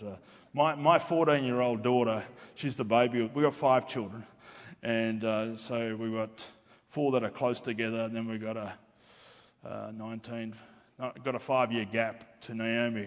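A middle-aged man preaching a testimony sermon to a congregation, talking in a halting way with many fillers and restarts. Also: medium pitch. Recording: long reverb of a hall.

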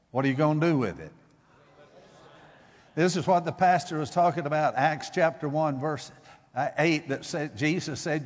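A man preaching a sermon, moving from measured teaching to loud, emphatic exhortation. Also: on the high side, lively intonation, in a large hall. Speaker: guest preacher.

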